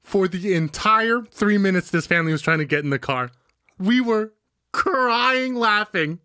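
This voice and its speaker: A young man co-hosting a casual podcast, telling stories in an animated way with plenty of swearing. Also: high-pitched, no echo, studio quality. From Northern California. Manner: animated, swearing, quick storytelling. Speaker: podcast co-host. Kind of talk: casual chat about a film.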